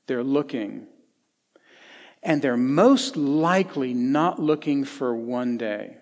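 Man preaching in an echoing church. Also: a little high. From Tennessee. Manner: conversational storytelling, folksy asides, swings between lively and hushed. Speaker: pastor. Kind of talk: sermon. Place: church sanctuary. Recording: long church hall reverb.

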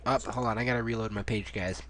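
A man's voice: fairly low pitch, steady tone, quick pace, fairly bright tone. A young man hosting a casual online card game, teasing his friends and laughing as he reads cards aloud. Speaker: channel host. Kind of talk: casual gaming chat.

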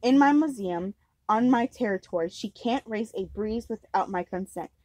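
A woman voicing a brisk, authoritative male museum curator in a storybook reading, firm in tone. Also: mid-range voice, expressive, warm tone, dry recording.

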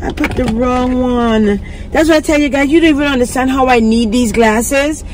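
A woman vlogger chatting casually and excitedly straight to her viewers. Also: sits high, normal speed, slight background noise, poor audio. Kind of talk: casual vlog chat to viewers.

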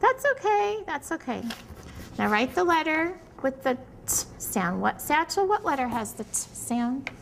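A woman's voice: high voice, big pitch swings, unhurried, creaky, a bit bright, slight background noise. A woman teacher patiently guiding young children through a handwriting and letter-sound lesson at a small classroom table, praising them often.

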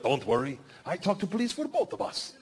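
A comedian playing a big, brash Russian gangster who shouts crude threats. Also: male voice, high-pitched, huge pitch swings, a little fast, pitched above the performer's own voice, exaggerated voice. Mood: reassuring.

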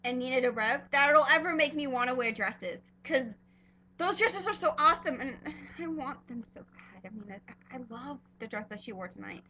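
Gushing young woman, high bright voice. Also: expressive, normal speed, a little hiss or hum. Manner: gushing, rambling fan talk with many fillers. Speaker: fan vlogger. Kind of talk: casual vlog chat.

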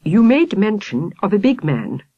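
A woman's voice: mid-range voice, sing-song, measured pace, warm tone, slightly rough, dry recording, muffled recording, pitched above the performer's own voice. A woman voicing a polite, formal older male professor in a storybook.

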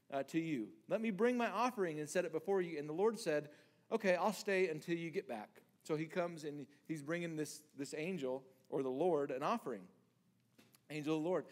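Male pastor, high voice, chatty sermon delivery with restarts and acted-out quotes. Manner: conversational, restarts words, acts out scripture lines.

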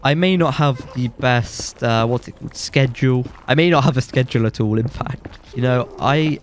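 A young man with a blocked nose, giving excitable, joking commentary while playing a game and yelping when surprised. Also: medium pitch, normal speed, slight background noise. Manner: excitable, jokey boasting, yelps when surprised. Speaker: gaming YouTuber. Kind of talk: let's play commentary.

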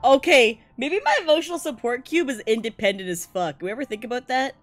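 Talking fast in a fairly high voice, a woman gives live commentary on the game she's streaming. She's excitable and full of jokes and laughter, and easily startled into yelps.

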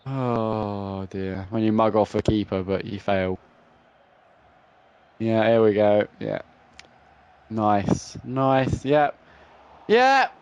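A young man commentating his own football video game play, swinging between frustrated groans and excited shouts. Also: fairly low pitch, very slow, long pauses, clean tone, lo-fi sound. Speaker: gaming YouTuber. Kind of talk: live gameplay commentary.

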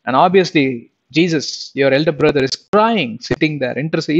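A man's voice: fairly high pitch, moderate pace, hardly any pauses. Emphatic male preacher, rhetorical questions. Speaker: preacher and Bible teacher. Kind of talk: sermon. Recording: dull lo-fi recording.

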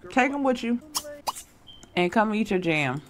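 A woman commentating her gameplay, bossing the characters around in a loud, slangy, scolding way. She breaks into fits of laughter again and again, and her voice sits in the middle range. A faint noise hums behind her. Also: medium pitch, animated, measured pace. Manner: talks to the game characters, bursts into laughter. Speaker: Sims gameplay vlogger.

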